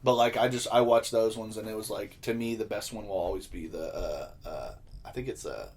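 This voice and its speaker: A man's voice: on the low side, brisk, slight background noise. A young man co-hosting a podcast, chatting casually in a rambling, jokey, profane way and laughing often. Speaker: podcast co-host. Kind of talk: casual chat.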